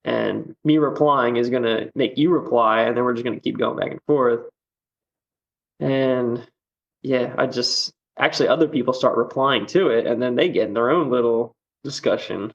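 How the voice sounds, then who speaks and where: A man's voice: medium pitch, moderate pace, creaky, lo-fi sound. A man chatting as a podcast guest, rambling with lots of fillers and easy laughs. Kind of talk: casual podcast chat.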